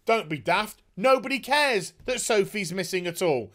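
A man's voice: high voice, expressive, moderate pace, a bit bright. Sarcastic, ranting man. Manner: sarcastic, exasperated, swears often. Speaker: TV reviewer. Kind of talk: ranting show review.

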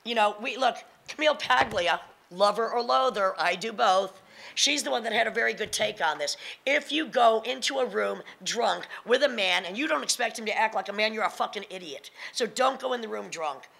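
Gravelly, blunt, profane woman in her fifties. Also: mid-range voice, expressive, moderate pace, fairly bright tone, rough recording. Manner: blunt, profane, emphatic and confrontational. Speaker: panelist and spoken word performer. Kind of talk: blunt panel talk. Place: lecture hall panel with audience.

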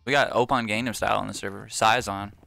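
Male game streamer, jokey casual chat, bright sharp tone, faint music behind. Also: lowish voice, steady tone, quick pace, creaky. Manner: jokey, goofs around with silly bits.

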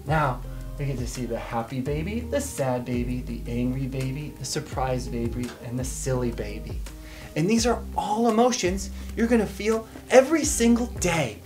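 A woman's voice: very deep voice, animated, unhurried, a little mellow, soft background music. A woman hosting a children's bedtime story show, reading picture books aloud in a playful, encouraging way that invites the listener to join in.

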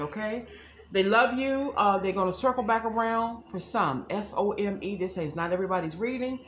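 A woman's voice: mid-range voice, moderate pace, a bit bright, reverberant, slight background noise. A woman giving casual psychic readings to viewers, chatty and folksy, calling them y'all. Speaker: psychic reader.

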